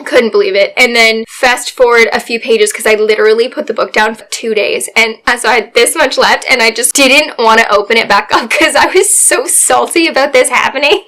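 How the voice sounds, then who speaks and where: A woman's voice: fairly high pitch, normal speed, sharp tone. Chatty young woman gushing about books. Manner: chatty, gushing, lots of "like" fillers. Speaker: book vlogger. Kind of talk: casual book review chat.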